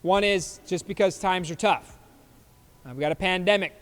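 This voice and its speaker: A man in his fifties with a high voice hosts a podcast, reacting to memes in a loose, jokey chat and laughing often at normal speed. He sounds like he's in a large hall, with faint music in the background.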